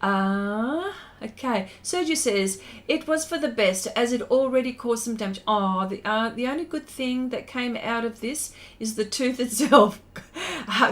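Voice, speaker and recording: A woman's voice: fairly high pitch, normal speed, a bit bright. A middle-aged Australian woman hosting an art livestream, chatting casually and laughing often while reading out viewer comments.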